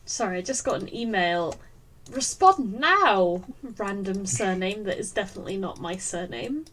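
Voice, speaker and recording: A woman's voice: mid-range voice, fairly quick, distant mic. A woman running a tabletop game as dungeon master, joking and laughing easily.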